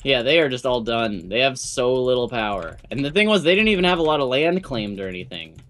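A young man co-hosting a gaming channel, giving excitable, casual commentary on his game with quick bursts of cheering. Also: mid-range voice.

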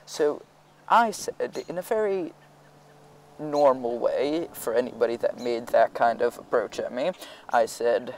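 A man's voice: medium pitch, lively intonation, moderate pace, darkish tone, slight background noise, low-quality recording. Rambling sarcastic teenage boy. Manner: rambling, sarcastic, keeps saying anyway. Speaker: vlogger. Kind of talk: storytime rant.

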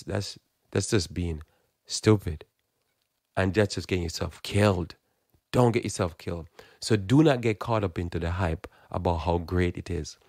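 A man's voice: deep voice, creaky, darkish tone, dry recording, studio quality. A man giving a blunt, emphatic, informal sermon, often repeating words as he builds his point. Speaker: Christian preacher. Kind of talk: informal preaching monologue.

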